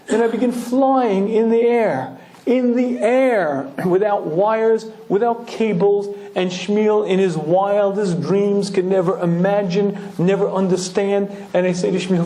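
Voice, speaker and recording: A rabbi tells a story with animated energy, pausing often to clear his throat. His voice sits fairly high but has a warm, mellow tone. The room echoes noticeably. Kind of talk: storytelling Torah lecture.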